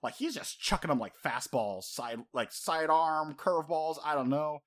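A young man co-hosting a podcast who recaps a story in casual, animated chat, swearing freely and acting out character lines. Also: a little high, normal speed. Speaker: podcast co-host.

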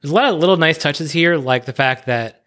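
A man's voice: on the high side, a bit bright. A man on a podcast giving his opinions on a wrestling match in casual, opinionated talk that speeds up in bursts. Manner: chatty opinionated analysis, quickens in bursts. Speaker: podcast co-host. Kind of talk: casual discussion.

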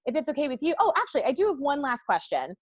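A woman's voice: high-pitched, very animated, fast. A woman hosting a podcast interview, effusive and rambling, with many fillers. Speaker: podcast host.

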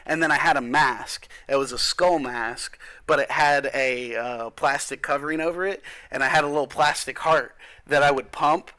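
A man's voice: medium pitch, normal speed, hardly any pauses, sharp tone. A young man telling a long story in casual chat, rambling and profane, full of fillers. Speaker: guest.

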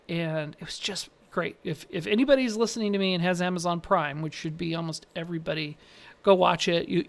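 A man's voice: high-pitched, fairly bright tone. A man co-hosting a casual podcast chat, talking eagerly and recommending things to listeners. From United States. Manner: enthusiastic, recommending. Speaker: podcast co-host.

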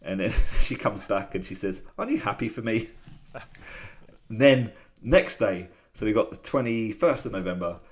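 A man with a low, deep voice, talking in a loose, rambling way full of ums and small laughs. He co-hosts a casual podcast chat. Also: a little slow. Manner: chatty and rambling, with many fillers and laughs. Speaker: podcast co-host.

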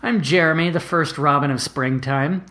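A man's voice: on the high side, moderate pace, bright, forceful tone. A man hosting a comedy podcast in a casual way, hesitating often with fillers. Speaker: podcast host.

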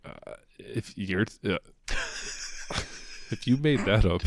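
Low-voiced easygoing man chatting. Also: expressive, slow pace, no room sound. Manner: easygoing, reacts with short questions and laughs. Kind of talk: casual chat.

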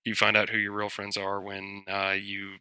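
A man with a low, flat voice full of gravelly fry and a bright, forceful tone, recorded dry and close. He speaks candidly as a podcast guest, pausing with fillers. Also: no room sound. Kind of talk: casual interview chat.

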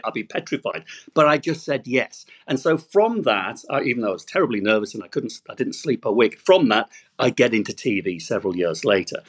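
A middle-aged man telling a lively anecdote as a podcast guest, laughing at himself as he goes. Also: mid-range voice.

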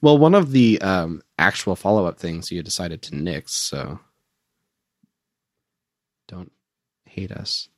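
A man's voice: sits low, very animated, slow pace, pauses often, no room sound, studio quality. A man co-hosting a podcast in casual chat, easygoing and jokey, often stumbling over his words. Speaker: podcast co-host.

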